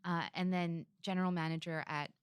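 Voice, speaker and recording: A woman's voice: lowish voice, steady tone, a little fast, clean tone, dry recording. A woman hosting a podcast interview, listening attentively and summing up her guest's career. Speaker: podcast host. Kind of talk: interview host.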